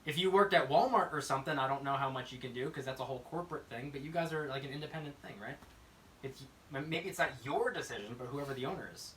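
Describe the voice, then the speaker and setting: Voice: medium pitch, fast, fairly bright tone, recorded from a distance, a little hiss or hum, low-quality recording. A podcast co-host chatting casually, gossiping and acting out the voices of people in the stories. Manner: gossipy, acts out quoted voices. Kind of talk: casual chat.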